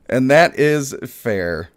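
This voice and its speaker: A young man hosting a live mobile game stream, joking and hyping up his pulls for chat. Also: mid-range voice. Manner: playful, excitable, joking with chat.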